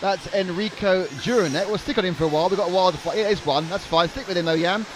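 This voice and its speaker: A man's voice: high voice, fast talker. Joking male race commentator, noisy track. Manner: joking, rambling, stammers into restarts.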